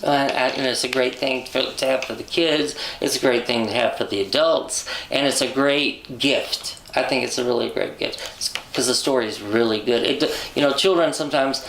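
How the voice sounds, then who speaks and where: A man's voice: medium pitch, moderate pace, hardly any pauses, a bit bright. A male talk show host who asks questions and offers enthusiastic praise. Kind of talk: interview questions and comments. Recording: roomy sound with faint noise.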